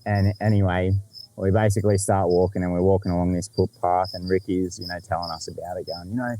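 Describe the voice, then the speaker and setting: A young Australian man hosting a podcast, telling a story in a lively, sweary, laughing way. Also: low-pitched, fast talker, a little hiss or hum, rough recording. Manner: animated, swears freely, laughs often. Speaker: podcast host. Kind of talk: casual storytelling chat.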